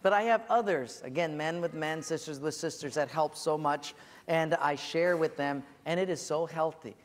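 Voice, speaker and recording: A man's voice: a little high, normal speed. A male pastor giving an earnest, conversational sermon in a large church hall.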